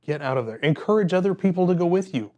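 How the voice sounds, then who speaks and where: A man's voice: high-pitched, animated, fast talker, dark tone. A man teaching a workplace safety class, telling personal stories in a conversational way with frequent fillers.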